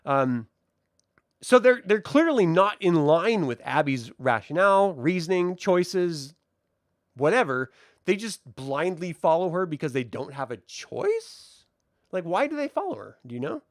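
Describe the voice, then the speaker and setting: A woman with a fairly low voice speaks at a measured pace while co-hosting a casual review of a TV episode. She retells scenes animatedly, swearing a lot and laughing, and the recording is studio quality with no room sound.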